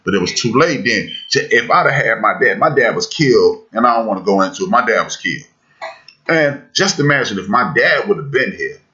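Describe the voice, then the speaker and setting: A man hosting a podcast discussion, talking in an emphatic, preacherly way that builds to loud peaks. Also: lowish voice, lively intonation, fairly quick, muffled recording. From United States. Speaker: podcast host.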